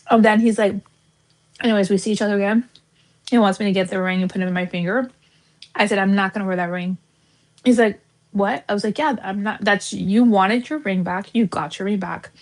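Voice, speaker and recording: A woman's voice: medium pitch, poor audio. A woman in her thirties hosting a casual livestream, chatty and blunt, swearing freely and filling her talk with "like", while she cooks. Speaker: livestream host.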